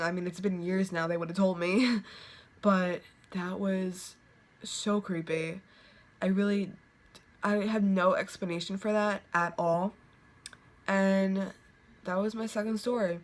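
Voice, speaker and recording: A young woman vlogger casually telling ghost stories to the camera, full of "like" fillers and quick laughs. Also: mid-range voice. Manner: chatty, lots of "like" fillers, quick laughs, acts out quotes.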